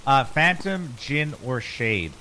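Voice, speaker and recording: A mid-pitched man talking a friend through a ghost hunt in a game, steady and practical as he gives directions. Loud hiss sits under his voice throughout. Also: slow. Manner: calm, directing the team. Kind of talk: casual gaming chat. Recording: noisy stream audio.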